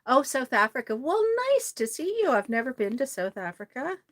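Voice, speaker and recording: A woman's voice: sits high, sing-song, moderate pace, fairly bright tone. A woman from Nova Scotia, chatting casually on a live stream, rambling and reading out viewer comments as she works on a doll. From Nova Scotia, Canada.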